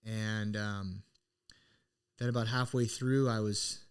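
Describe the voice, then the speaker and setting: A man's voice: lowish voice, steady tone, takes it slowly, clean tone. Earnest reflective man telling a story. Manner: earnest, reflective, full of restarts. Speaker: podcast co-host. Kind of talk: casual personal storytelling.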